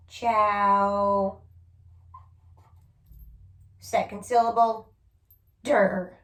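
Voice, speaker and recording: A woman's voice: mid-range voice, steady tone, extremely slow, long pauses, a bit bright, reverberant. A woman teacher giving a spelling lesson to children, patiently sounding out each word letter by letter.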